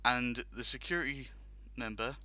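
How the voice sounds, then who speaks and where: A man's voice: medium pitch, steady tone, normal speed, pushed and bright, dry recording. A man hosting a casual talk show, telling a long funny anecdote with laughs and acted-out quotes. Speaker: podcast host telling a story. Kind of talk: casual storytelling.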